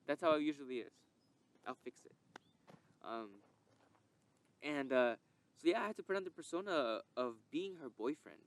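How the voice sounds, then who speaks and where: A man's voice: fairly high pitch, lively intonation, moderate pace, long pauses. A young man telling a candid, emotional personal story, rambling and swearing as he reflects. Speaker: podcast host. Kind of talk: reflective personal testimony monologue.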